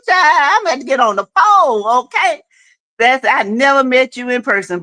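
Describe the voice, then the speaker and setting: A woman hosting a casual livestream, chatty and quick to laugh, calling her viewers y'all and honey. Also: fairly high pitch, sharp tone. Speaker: livestream host.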